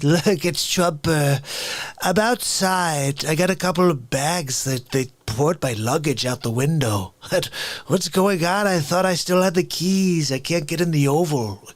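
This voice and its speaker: A man's voice: fairly high pitch, no room sound, natural voice. A man doing a blustering ex-president impression. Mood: mock indignant. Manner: rambling, put-upon, slow drawl. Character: blustering older male ex-president, locked out. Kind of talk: comic impression on a call-in talk show.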